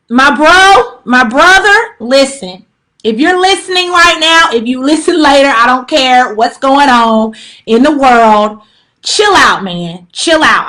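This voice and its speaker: A woman's voice: high-pitched, sharp tone. A woman on a live stream delivering an emphatic spiritual plea, preachy and repetitive, with casual slang and many fillers. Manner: preachy, emphatic, repeats pleas and warnings; casual slang-laced talk with frequent fillers. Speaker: livestreamer giving a spiritual message. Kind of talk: impassioned direct-address livestream plea. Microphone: phone on a live stream.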